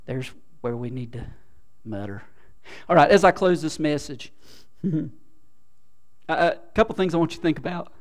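Male pastor, high-pitched, sermon delivery with big swings between hushed and loud. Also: normal speed, long pauses. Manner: swings from quiet muttering to loud exclaiming; repeats words, restarts phrases.

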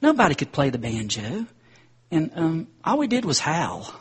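A man's voice: on the high side, wildly swooping pitch, moderate pace, breathy edge, heavily acted. A man preacher voicing a nostalgic male cartoon dog who reminisces and then corrects himself. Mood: wistful.

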